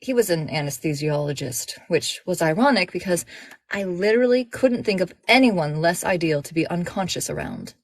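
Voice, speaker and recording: A woman in her thirties who narrates audiobooks, chatting eagerly with viewers before she reads. Her voice sits a little low. The sound is dry and close to the mic. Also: expressive, moderate pace, dry recording. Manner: chatty, warm-hearted fan enthusiasm. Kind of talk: casual livestream chat and audiobook reading.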